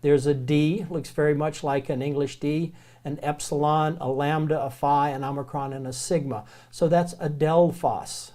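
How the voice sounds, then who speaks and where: A man with a Southern American accent teaching the Greek alphabet in a relaxed, folksy recorded lecture, slowing down to spell out words. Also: fairly high pitch.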